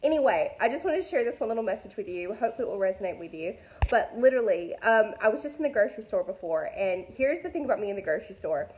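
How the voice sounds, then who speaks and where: A woman's voice: medium pitch, lively intonation, quick pace, darkish tone, a little hiss or hum. A woman, a mother, giving a casual devotional message to women, chatty and candid with many fillers, speaking straight to her listeners. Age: adult mother. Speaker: faith vlogger speaking to women.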